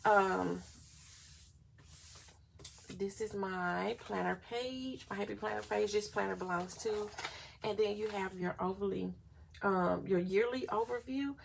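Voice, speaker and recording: A woman's voice: mid-range voice, steady tone, measured pace, vocal fry, pauses often, a little hiss or hum. A woman vlogger chatting casually through a planner flip-through, gushing and often saying y'all.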